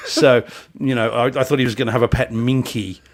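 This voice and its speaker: A man's voice: medium pitch, steady tone, a little slow. A man co-hosting a podcast, giving opinionated, jokey takes with frequent restarts. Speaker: podcast co-host. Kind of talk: casual podcast chat.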